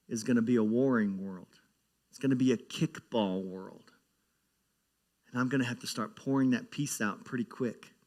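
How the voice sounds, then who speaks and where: A man's voice: mid-range voice, darkish tone. A man giving a sermon as pastor, talking in a conversational way, often repeating words and growing emphatic as he preaches.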